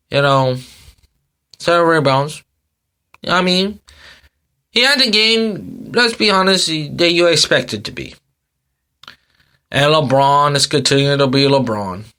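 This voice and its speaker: His voice is a little high, sharp, clear and resonant. He's a man in his thirties hosting a sports podcast, drowsy and yawning as he rambles on in a casual rant, circling back on points and filling gaps with "um" and "you know."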